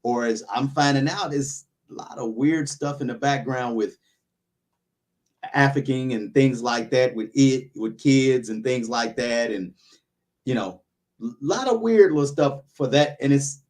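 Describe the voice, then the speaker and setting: A man talking casually as a show host, voicing his opinions in a rambling way. He stops and restarts his sentences often, at a middling pitch. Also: a little slow, darkish tone. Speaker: YouTuber, podcast host.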